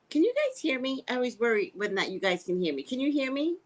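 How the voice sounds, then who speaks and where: An older woman hosting a casual live stream, chatting with viewers and greeting them by name in sudden high squeals. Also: big pitch swings, quick pace, few pauses. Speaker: live-stream psychic host.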